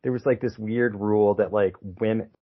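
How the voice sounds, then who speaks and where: A man's voice: lowish voice, steady tone, moderate pace, narrow, tinny audio. Rambling jokey man on a podcast. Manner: rambling, jokey, with goofy put-on voices. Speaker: podcast co-host. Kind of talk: casual chat.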